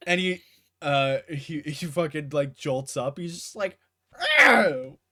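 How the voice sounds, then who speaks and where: A man's voice: fairly high pitch, fairly even intonation, a little slow, a bit bright. A man narrating as game master in a casual, laughing way, swearing freely.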